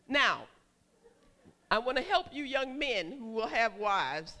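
A middle-aged woman preacher telling a personal story in a sermon, animated, calling out for amens. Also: fairly high pitch, takes it slowly. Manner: animated storytelling, calls for amen, shouts acted quotes.

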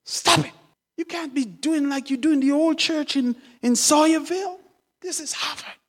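A woman's voice: high-pitched, normal speed, voice pushed up. A woman playing an exasperated young son. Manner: hushing, exasperated. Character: embarrassed young man, irritated son at college.

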